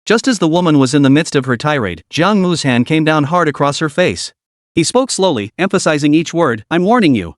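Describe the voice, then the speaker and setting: Lively male story narrator. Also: on the high side, a little fast, dry recording, clean studio sound. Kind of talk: scripted comic recap narration.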